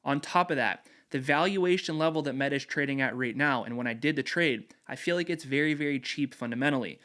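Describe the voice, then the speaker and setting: A man in his thirties with a somewhat high voice, walking viewers through his brokerage trades in an animated, persuasive way. He talks like a host explaining his system step by step. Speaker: investing video host. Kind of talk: screen-share explainer.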